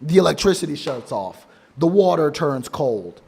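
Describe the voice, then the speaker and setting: A man's voice: on the high side, very animated, normal speed, vocal fry, a little mellow, slightly rough. A man giving emphatic, repetitive dating advice to other men in a casual, slangy monologue. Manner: emphatic, preachy, repeats for stress; casual slang, addresses listener as bro. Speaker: men's dating coach.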